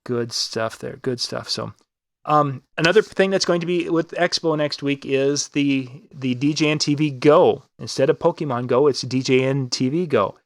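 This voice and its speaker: A man in the middle of his range chats on a live web show, rambling and restarting as he pitches a contest. His voice is close and dry, with no room around it. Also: moderate pace, no echo. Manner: rambling, restarts and fillers, upbeat promo talk. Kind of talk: casual live-stream chat.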